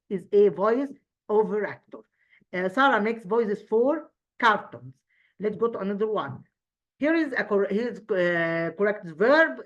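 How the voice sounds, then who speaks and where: In a muffled recording, a woman teacher with a mid-range voice and an Egyptian accent reviews English grammar for an exam; she's a native Arabic speaker. Her speech is halting, full of restarts, and she answers her own questions.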